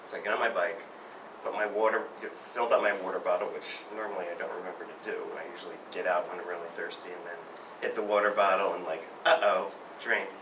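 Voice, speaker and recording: Speaking quickly in a low-pitched, steady voice, a man recounts a rambling near-miss on his bike while poking fun at himself. The recording sounds roomy and distant, with faint noise.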